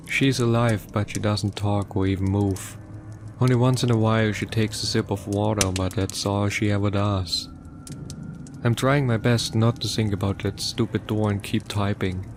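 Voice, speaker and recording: A man narrating a first-person horror story in a somber, measured way. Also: lowish voice, darkish tone, slight background noise.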